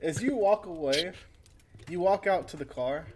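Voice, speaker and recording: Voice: mid-range voice, normal speed, slight background noise. A game master narrating a tabletop game, loose and playful, often breaking into laughter.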